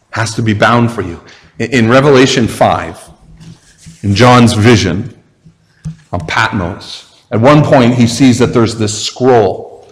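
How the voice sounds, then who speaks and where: A man's voice: fairly low pitch, long reverb tail, low-quality recording. A male pastor preaching a sermon, earnest and emphatic, with rhetorical questions.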